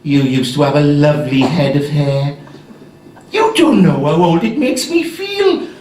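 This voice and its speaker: A man voicing his blunt, dismissive older mother, scolding in a flat, matter-of-fact way. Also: a little high, measured pace, a little hiss or hum, pitched below the performer's own voice. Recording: echoey hall, mic at a distance.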